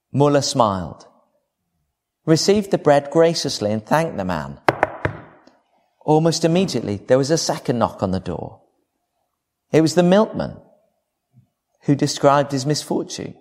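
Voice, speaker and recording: Man, preacher, sermon delivery, lively rising and falling pitch, slightly high voice. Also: measured pace, pauses often. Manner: expressive, varied emphasis.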